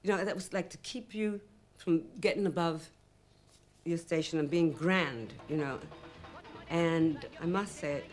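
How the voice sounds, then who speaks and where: A woman with a Welsh accent telling stories of her singing career in an interview, lively and acting out the dialogue she remembers, with many asides of "you know". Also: sits low, a little slow. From Wales. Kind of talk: reflective interview storytelling.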